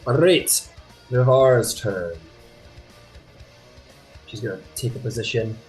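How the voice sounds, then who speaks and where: A man narrating a tabletop game as game master, relaxed and rambling with many fillers. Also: medium pitch, slow, soft background music.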